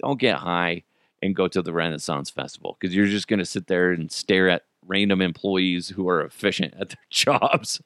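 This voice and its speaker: Animated, profane podcast host, a man. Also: fairly low pitch, moderate pace, no echo, clean studio sound. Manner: profane, animated, laughs often. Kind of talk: casual storytelling.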